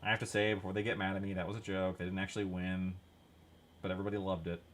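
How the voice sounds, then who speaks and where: A man's voice: deep voice, level tone, racing, fairly bright tone, slight background noise. A man hosting a hobby stream, chatting casually and rambling with jokes while he paints miniatures. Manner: jokey, rambling, laughs at own jokes.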